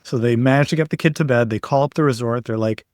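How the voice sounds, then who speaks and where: A man as a podcast guest, explaining his ideas in a steady way with stories and examples. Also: mid-range voice, fast talker, no echo, studio quality. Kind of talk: explanatory interview talk.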